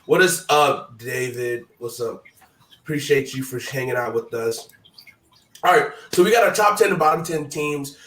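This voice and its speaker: A man hosting a casual sports talk stream, his voice hoarse, talking in a loose, hyped-up, chatty way. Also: mid-range voice, moderate pace, fairly bright tone, roomy sound, distant mic, slight background noise, rough recording. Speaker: host.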